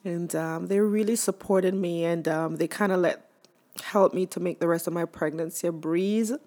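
Young woman, low-pitched, candid personal testimonial full of fillers. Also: fairly even intonation, normal speed, dark tone. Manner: candid, emotional, many fillers. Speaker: mother sharing her story.

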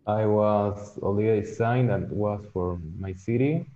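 A man's voice: on the low side, a little slow, dark tone. Male guest, hesitant, tinny call audio. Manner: hesitant, short answers. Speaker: guest artist.

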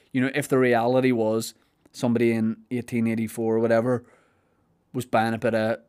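Hosting a podcast in a relaxed, funny conversation, a Belfast man rambles, jokes and acts out goofy voices. His voice is mid-range with a darkish quality.

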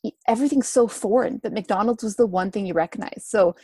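A young woman in her twenties, a guest in a casual interview, talking in a relaxed, chatty way with many fillers. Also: mid-range voice, quick pace, husky, dry recording. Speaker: guest, runner and food blogger.

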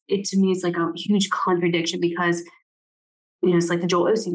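A woman with a fairly low voice talks through her thoughts in a loose, rambling way. She reads aloud from a book between her asides and keeps checking in with "right?". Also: flat delivery, a little fast, low-quality recording. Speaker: presenter reflecting on a book. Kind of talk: casual reflective talk with book reading.

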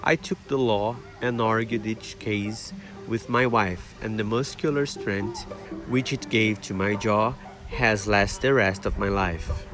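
A man voicing a boastful, grey-haired old father in a storybook reading, gruff and dismissive. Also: lowish voice, measured pace, over music, lightly acted, low-quality recording.

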